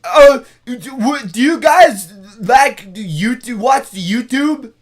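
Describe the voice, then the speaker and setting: Guy imitating an eager, awkward stranger: higher and louder than his own voice, stumbling over repeated words. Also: expressive, takes it slowly, full character voice. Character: awkward eager adult man pitching his channel.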